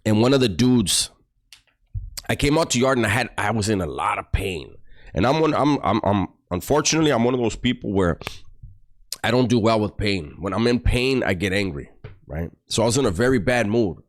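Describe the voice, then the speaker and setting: Blunt, low-voiced man telling a story. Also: expressive, brisk. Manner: blunt, profane, streetwise, acts out quotes. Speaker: former prisoner telling his story. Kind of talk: casual storytelling.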